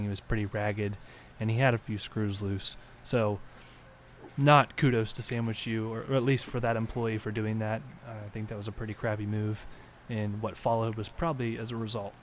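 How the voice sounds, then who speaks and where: A man's voice: fairly low pitch, a little hiss or hum. A young man co-hosting a podcast, telling a story in an earnest, rambling way with plenty of ums. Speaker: podcast co-host. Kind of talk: casual storytelling.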